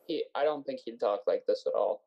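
A young man discussing a book in casual conversation, hesitant and soft-spoken, often trailing off. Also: mid-range voice, fairly quick, lo-fi sound.

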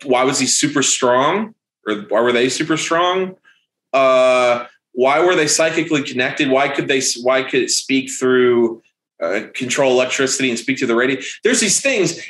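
Halting casual man in a roomy space. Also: medium pitch, fairly bright tone. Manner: halting, many fillers and restarts, blunt profanity. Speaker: podcast co-host reviewing a horror movie. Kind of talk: casual chat. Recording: roomy echo.

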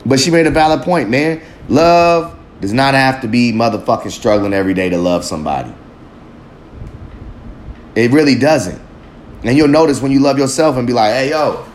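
A man rants to his audience in a blunt, cussing, motivational monologue. He speaks at a mid pitch. His voice carries a roomy echo over faint background ambience. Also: slight background noise. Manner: heavily profane, emphatic, talks to himself. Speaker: vlog host. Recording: echoey room with faint ambience.

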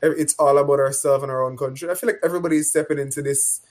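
A woman's voice: low voice, fairly even intonation, very fast, darkish tone. A woman with a Jamaican accent in casual podcast chat, reflective and hedging her opinions. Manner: reflective, hedges with I feel like.

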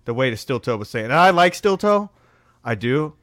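A male co-host trades blunt opinions and teasing jokes, laughing often between lines. His voice sits at an ordinary pitch. It is recorded close and dry. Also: big pitch swings, moderate pace, a bit bright, no echo. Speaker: podcast co-host. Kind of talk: casual podcast banter.

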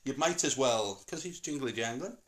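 A man's voice: mid-range voice, animated, normal speed, a crowd in the background. A middle-aged man with a Northern English accent, hosting a casual family chat at home in a rambling, jokey, digressive way. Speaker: podcast host.

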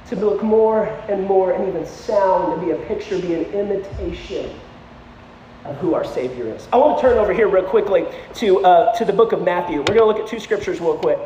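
A man preaching in a large hall, his voice very high and ringing with long reverb. He talks casually and keeps checking in with "okay?", then builds to loud, emphatic peaks. The sound is dull and lo-fi. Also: fairly quick, far from the mic, a little hiss or hum. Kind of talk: sermon with storytelling.

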